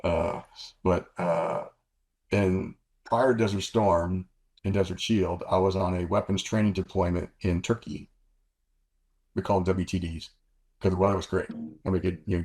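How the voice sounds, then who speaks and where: Low husky older man. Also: darkish tone. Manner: rambling, self-correcting anecdotes. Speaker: guest, former fighter pilot. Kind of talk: storytelling interview.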